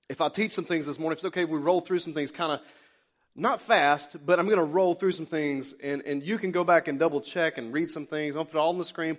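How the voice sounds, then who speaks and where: A male pastor preaching in a casual, conversational way, telling a personal story and drawing the congregation into back-and-forth. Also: on the high side. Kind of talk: sermon. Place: church sanctuary.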